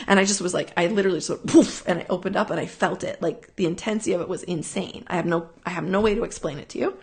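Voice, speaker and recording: A woman's voice: lowish voice, fast talker, hardly any pauses. A woman hosting a casual live talk, answering viewers in a rambling, earnest way that keeps circling back and repeating itself. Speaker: host answering viewer questions.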